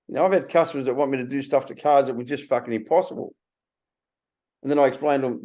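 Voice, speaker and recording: An Australian man in his sixties hosting a casual conversation, blunt and animated, swearing freely. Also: on the high side, fast. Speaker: podcast host. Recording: slightly muffled recording.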